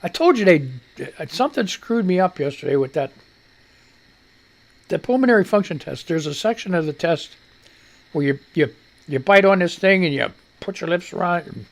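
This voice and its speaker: A man hosting a live show, rambling casually with salty language and poking fun at himself, a bit short of breath. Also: high voice. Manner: rambling, salty, self-mocking. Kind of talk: casual live-stream chat.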